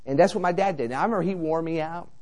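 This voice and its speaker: Animated preacher man, slightly high voice. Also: racing. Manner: animated, conversational, frequent rhetorical asides. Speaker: traveling evangelist preacher. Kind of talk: sermon with personal storytelling.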